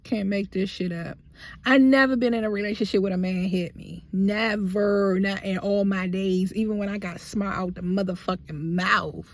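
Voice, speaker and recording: A woman's voice: mid-range voice, steady tone, a little fast, dry recording. A young adult woman in a heated storytime vlog, talking bluntly. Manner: blunt, heavy cursing, heated. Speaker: vlogger.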